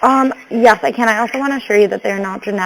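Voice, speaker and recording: A woman's voice: fairly high pitch, quick pace, gravelly, a crowd in the background. A woman answering calls at an office, speaking hesitantly with many fillers. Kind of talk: phone call. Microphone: telephone. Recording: phone line with steady noise.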